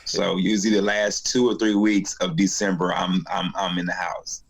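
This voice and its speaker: A North Carolina comedian, appearing as a guest in a casual interview, tells a story and animatedly acts out the voices of its characters. His voice is low and husky, and he speaks at a normal speed.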